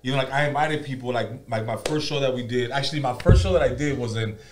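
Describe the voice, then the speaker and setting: A comedian from the San Fernando Valley telling a profane, animated story in casual podcast chat, dropping Spanish slang. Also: male voice, mid-range voice, quick pace, noisy background. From San Fernando Valley, Los Angeles. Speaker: comedian guest.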